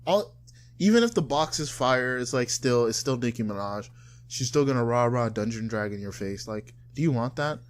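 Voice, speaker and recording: A young man co-hosting a podcast, joking and riffing in a mocking, animated way in casual chat. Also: medium pitch, normal speed. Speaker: podcast co-host.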